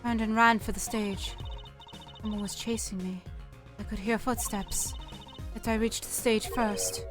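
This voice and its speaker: A woman voicing a soft-spoken, formal blind female singer in a fan game dub. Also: on the high side, music in the background, close to an everyday voice. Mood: calm. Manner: calm, measured, formal.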